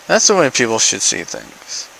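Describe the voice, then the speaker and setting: A man's voice: mid-range voice, huge pitch swings, normal speed, gravelly, pushed and bright, slight background noise, rough recording. A young man ranting in an opinion vlog, exasperated, sarcastic and profane. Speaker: vlogger.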